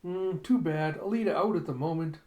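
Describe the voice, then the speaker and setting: A man's voice: a little high, fairly quick, dark tone, voice pushed up, natural voice. A man voicing a young barmaid who speaks broken English and refers to herself in the third person. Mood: breezy.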